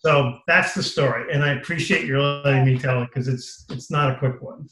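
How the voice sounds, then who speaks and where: An author appearing as an interview guest tells a personal story in a medium-pitched voice at normal speed, captured in a low-quality recording with room echo. He animatedly acts out what others said to him, his voice rising when moved, and grows tearful and emotional reliving it.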